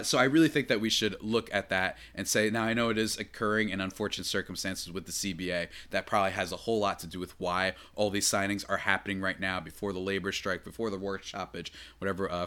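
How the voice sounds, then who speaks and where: A man hosting his own sports podcast, rambling from one point to the next with plenty of fillers and restarts. His voice sits a little low but sounds bright and forceful. He gets excitable and keeps chatting loosely, unscripted. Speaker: podcast host. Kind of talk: solo sports podcast commentary.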